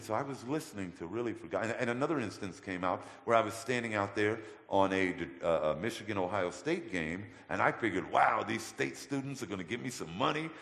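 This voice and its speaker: A man telling his testimony as a guest in a church, colloquial and animated. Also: on the low side. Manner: animated, colloquial, acts out voices in his stories. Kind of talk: storytelling testimony. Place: church hall. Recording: echoey church hall with long reverb.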